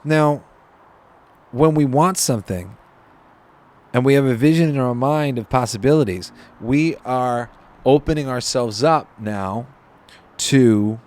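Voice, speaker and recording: A man's voice: mid-range voice, a little slow, long pauses, a little mellow. A man hosting a podcast, talking casually about spirituality with rambling, self-deprecating asides and frequent restarts. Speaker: podcast host.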